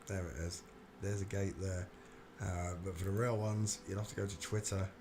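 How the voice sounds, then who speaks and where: A man's voice: deep voice, little pitch movement, normal speed, noisy background. A man hosting a livestream, muttering to himself as he clicks through searches in casual commentary. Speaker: livestream host. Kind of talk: casual live-stream commentary.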